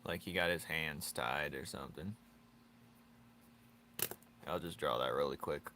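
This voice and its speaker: A man's voice: a bass voice, measured pace, bright, forceful tone, slight background noise. A man chatting casually with his viewers while drawing on a live stream, teasing and joking, laughing often.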